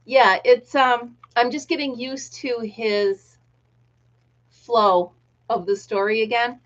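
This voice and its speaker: A woman's voice: fairly high pitch, fairly even intonation, slow pace, lo-fi sound. A middle-aged woman casually chatting on her livestream, greeting viewers by name and laughing often. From United States. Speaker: livestream host. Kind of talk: casual chat.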